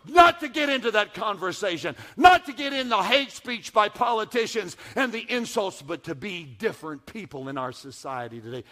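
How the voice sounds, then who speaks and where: A man preaches with a notably high, bright voice. He drops to near-hushed asides, then builds to loud, emphatic lines. He slows down to repeat his key points. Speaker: pastor. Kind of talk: sermon.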